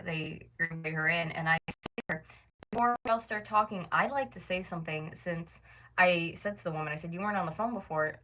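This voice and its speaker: A woman's voice: low-pitched, bright, forceful tone, slight background noise, poor audio. A woman in her twenties from North America, venting in a casual storytime rant, swearing and filling her speech with "like". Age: 20s. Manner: exasperated, venting, swears often, many fillers like "like". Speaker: vlogger.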